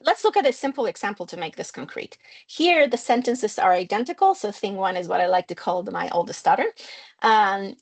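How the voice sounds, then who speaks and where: A middle-aged woman from Mexico, a non-native English speaker, giving an academic linguistics lecture over a video call and explaining with personal anecdotes. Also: fairly high pitch. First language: Spanish. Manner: clear, engaging explainer who tells personal anecdotes. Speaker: linguistics researcher giving a seminar talk.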